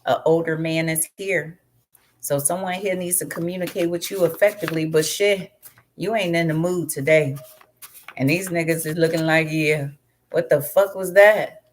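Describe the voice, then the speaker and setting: A woman's voice: low voice, fairly even intonation, normal speed, a little hiss or hum. A woman giving a casual tarot card reading, talking bluntly with heavy swearing and rambling asides. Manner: blunt, profane, rambling storytelling. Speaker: tarot reader.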